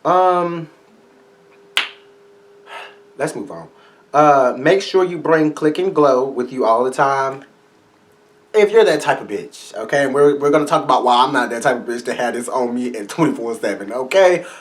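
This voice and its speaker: A man's voice: mid-range voice, animated, normal speed, pauses often. A man reviewing makeup products in a vlog, talking straight to his viewers in a sassy, flamboyant, salty way. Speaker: beauty vlogger.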